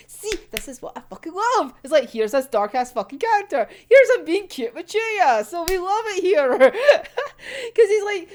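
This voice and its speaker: A young woman casually talking through a manga chapter, giggling often and swearing freely as she gushes. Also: extremely high pitch. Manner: giggly, swears a lot, gushing. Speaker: manga reaction channel host.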